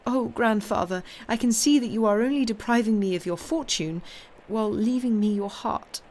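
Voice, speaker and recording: A woman reading aloud and voicing a gentle, devoted young granddaughter in a pleading, emotional way. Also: mid-range voice, expressive, normal speed, slight background noise, pitched above the performer's own voice, natural voice.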